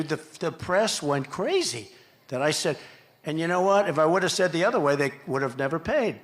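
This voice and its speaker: A man's voice: on the high side, moderate pace. A man giving a campaign rally speech outdoors into a podium microphone, rambling and repeating himself with mocking asides. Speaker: political speaker at a campaign rally. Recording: echoey rally PA sound.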